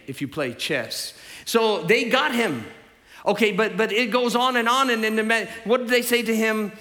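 A man preaching a sermon to a congregation, animated, swinging between loud emphasis and hushed asides. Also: sits high, normal speed. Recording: hall reverb.

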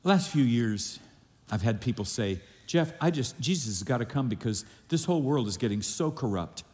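A man's voice: mid-range voice, expressive, moderate pace, a little mellow. A male pastor preaching a sermon with emphatic delivery, calling on the congregation to repeat lines after him. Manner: emphatic preaching with audience call-and-response. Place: church sanctuary. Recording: long hall reverb.

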